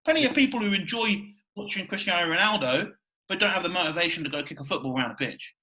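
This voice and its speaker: A man hosting a casual podcast chat, excitable and swearing freely. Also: high voice, fast, poor audio. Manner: excitable, swears a lot, repeats "you know what I mean". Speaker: podcast host.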